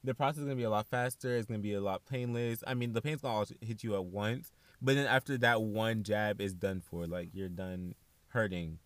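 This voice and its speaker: A man's voice: lowish voice, a little fast, no room sound. Chatty, sassy young man, dry close mic. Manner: chatty, animated, sassy asides. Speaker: podcast host. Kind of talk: casual solo podcast talk.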